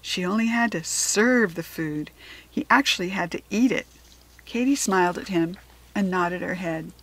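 A woman reading a children's chapter book aloud in a gentle storytelling way, sometimes dropping into soft whispered asides. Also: fairly low pitch, moderate pace.

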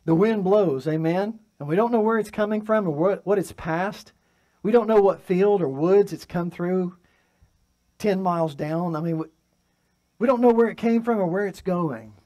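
Preaching pastor with a higher voice. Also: male voice, moderate pace. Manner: preaching with swings from loud emphatic to soft and quiet. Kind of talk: sermon. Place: church sanctuary.

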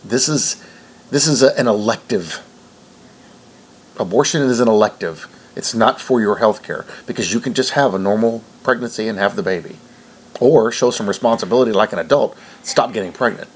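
A man's voice: lowish voice, moderate pace, slight background noise. A man reading news stories aloud and breaking off to rebut them in an indignant, preachy way. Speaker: online commentator.

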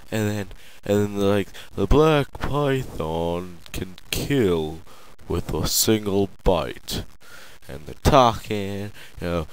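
A young man doing a rambling sit-down comedy monologue, meandering with lots of fillers and sudden loud outbursts. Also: on the low side, a little hiss or hum, poor audio. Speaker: amateur comedian.

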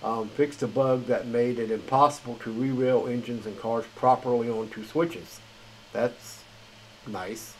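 A man's voice: mid-range voice, steady tone, measured pace, a little hiss or hum, rough recording. A man hosting a gaming channel, reading patch notes in a tired, rambling, casual way. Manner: rambling, filler-heavy, chuckles at himself. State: tired late at night.

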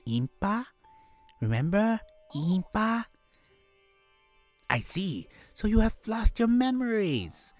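Man voicing an old woman elder, solemn, formal, slow, stumbling. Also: high voice, very animated, no echo, soft background music, pitched above the performer's own voice, full character voice.

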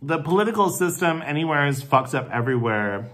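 A man's voice: on the high side, very animated, a bit bright. A man in character as a supportive friend in a comedy sketch, gushing and emphatic, coaxing sympathetically, then swearing in indignant bursts. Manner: gushing, emphatic and profane, with drawn-out stressed phrases. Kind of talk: comedic sketch monologue to the camera. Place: home, where he lives in the city.

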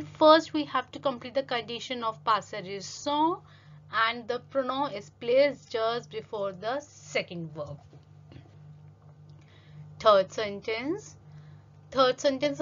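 A woman's voice: a little high, a bit bright, highs cut off. A woman teaching French grammar in English, reading French example sentences and then translating them step by step. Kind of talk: grammar lesson explaining slides.

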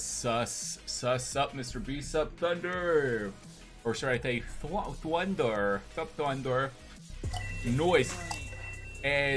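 A man's voice: medium pitch, pushed and bright. A man live-streaming a game, chatting casually with viewers in an upbeat, rambling way. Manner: upbeat, greets chat, rambling with restarts. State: hyped on energy drink.

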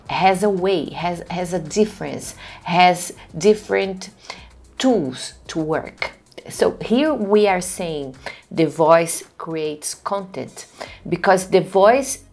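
Slow, gravelly woman teaching a voice class. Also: lowish voice. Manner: slow, deliberate teaching with frequent restarts. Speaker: voice coach. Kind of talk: online class lecture.

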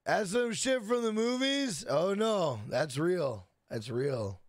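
A man's voice: sits high, lively intonation, takes it slowly. A young man streaming a game, chatting loosely with profanity, repeating himself and reading chat questions aloud. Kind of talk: casual live stream chat.

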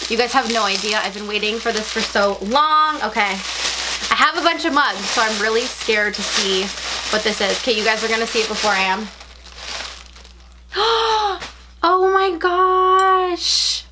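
A young adult woman chatting at home as she unboxes a package, gushing and gasping with excitement as she rambles on. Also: medium pitch, a little fast, background noise. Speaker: unboxing vlogger.

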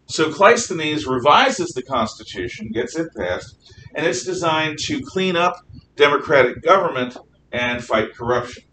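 A male history instructor lectures with energy and strong opinions, at times slowly spelling out words. The sound is far off and echoey, picked up by a room mic, with a faint rumble.

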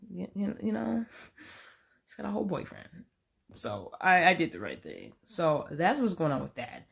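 A woman in her thirties telling a long, rambling story in a casual vlog, cursing often and poking fun at herself. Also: low-pitched. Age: 30s. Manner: rambling, profane, self-mocking. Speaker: vlogger. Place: room at home with her cat. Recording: roomy, echoey room.

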